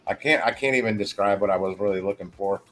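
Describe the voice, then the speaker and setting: A man hosting a casual livestream, rambling along with halting restarts. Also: lowish voice, a bit bright, soft background music. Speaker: livestream host.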